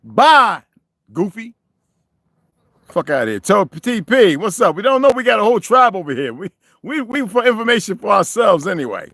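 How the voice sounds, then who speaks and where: A man's voice: sits high, moderate pace, dry recording. A man hosting a livestream, ranting with constant cursing and greeting viewers in the chat. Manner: confrontational, cursing, animated. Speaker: livestream host.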